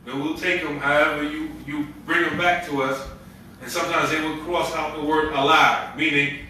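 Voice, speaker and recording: A man's voice: on the high side, level tone, moderate pace, sharp tone, very echoey, distant mic, a little hiss or hum, low-quality recording. A man giving a Ramadan sermon as an imam, telling stories in a conversational way with street slang.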